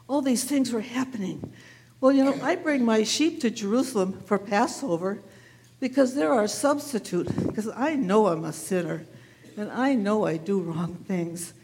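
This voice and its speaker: A woman's voice: fairly high pitch, a little mellow, long reverb tail. A woman acting as a humble shepherd who tells children an earnest first-person story in church. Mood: wondering. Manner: earnest, tearful in grief. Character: humble shepherd telling his Easter story. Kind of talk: first-person dramatic monologue. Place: church sanctuary.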